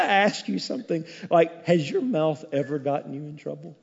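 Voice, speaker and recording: Animated preaching man in an echoey hall. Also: fairly high pitch, normal speed, creaky, slightly rough. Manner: animated, conversational preaching with asides to the congregation. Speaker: pastor. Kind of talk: sermon. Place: church sanctuary. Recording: dull, echoey hall recording.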